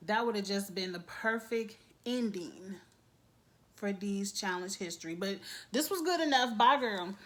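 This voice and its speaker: Her pace unhurried and her pitch medium, an expressive woman goes over a reality TV episode in a casual chat. She laughs a lot, and her intonation moves up and down.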